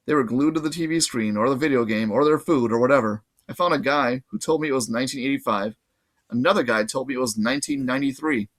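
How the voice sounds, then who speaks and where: A man reading a novel aloud in casual, lively first-person narration. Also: medium pitch, fast talker. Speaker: audiobook reader.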